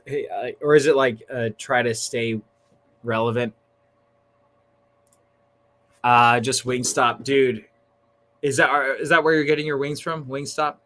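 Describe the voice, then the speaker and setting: Excitable chatty man on a livestream. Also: medium pitch. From Northern California. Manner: chatty, excitable, full of slang like "dude" and "bro". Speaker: livestream host. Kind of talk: casual livestream chat.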